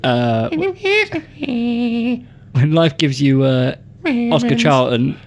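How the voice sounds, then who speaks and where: A man's voice: mid-range voice, big pitch swings. Male co-host, casual chat, hesitant delivery, mid-range voice. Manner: chatty, halting with many ums and uhs. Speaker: podcast host.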